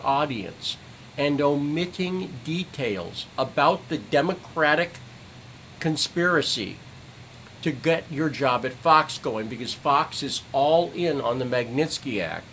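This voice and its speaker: An angry middle-aged man in a livestream rant, voice of ordinary pitch, swearing and hammering the same phrases again and again. A faint hum sits under the recording. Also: lively intonation, a little slow, fairly bright tone, low-quality recording. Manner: furious, profane, repeats phrases for emphasis. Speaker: citizen journalist streamer.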